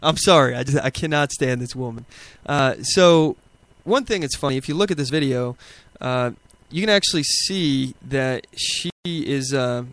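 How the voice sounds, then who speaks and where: A man's voice: medium pitch, moderate pace, few pauses, fairly bright tone, no echo. A man hosting a talk show, giving indignant, rambling commentary on video clips with many fillers and restarts. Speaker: podcast host.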